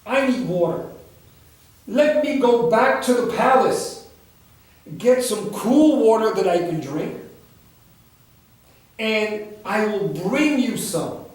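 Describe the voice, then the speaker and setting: A whiny, evasive young prince, as a man telling a dharma story puts him on, complaining slowly in a high-set voice. A strong echo fills the room, and the mic is far away. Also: expressive, a little mellow.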